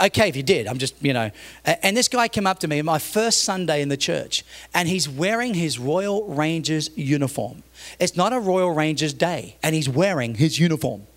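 An Australian man preaches in a church, his voice pitched high with a gravelly edge. He tells humorous stories and builds to loud, emphatic points. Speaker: pastor. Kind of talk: sermon.

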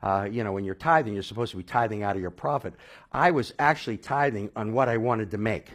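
Rambling middle-aged man telling his story. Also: quick pace. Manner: rambling, many restarts and fillers, swings from loud excited to soft and low. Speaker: guest telling his testimony. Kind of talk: casual personal storytelling.

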